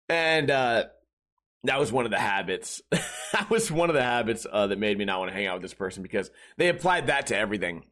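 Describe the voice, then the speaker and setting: A man's voice: on the low side, sing-song, brisk, fairly bright tone. A man in his thirties hosting a podcast, ranting in a sarcastic, profane, rambling way. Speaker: podcast host. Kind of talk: casual ranting monologue.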